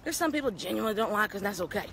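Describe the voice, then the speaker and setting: Lively, chatty Texan woman. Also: medium pitch, very fast, vocal fry, a little hiss or hum. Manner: chatty, upbeat, folksy. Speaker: vlogger. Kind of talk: casual talking-head vlog. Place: outdoors on a town street, walking.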